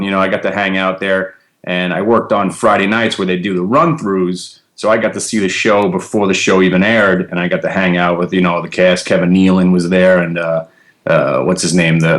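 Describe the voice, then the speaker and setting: A man, telling stories with lots of fillers and laughs as a podcast guest. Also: low-pitched. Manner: animated, laughing storyteller with many fillers. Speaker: guest, trader and comedian. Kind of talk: casual storytelling interview.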